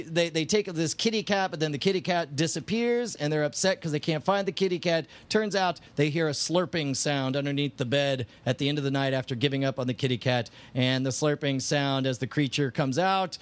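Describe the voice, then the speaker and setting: A man in his thirties on a podcast, animatedly retelling a story and laughing often. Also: a little high. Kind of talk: casual chat, storytelling.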